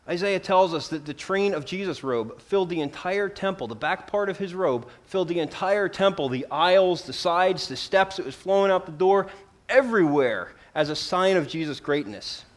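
Male preacher, fairly high voice, earnest sermon delivery with emphatic swells. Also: expressive, moderate pace. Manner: earnest and emphatic, rising and falling in volume for emphasis.

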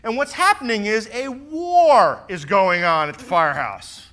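A middle-aged man who is both a pastor and a fire lieutenant preaches in a high-pitched voice with lively intonation and an unhurried pace. His sermon is packed with personal stories, acting out what people said, and swings between loud and soft.

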